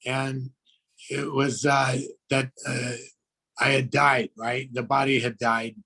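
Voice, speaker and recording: A man in an online class telling a personal story, halting and searching for words, heard over a video call. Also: medium pitch, level tone, bright, forceful tone. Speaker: class participant. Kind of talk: casual sharing.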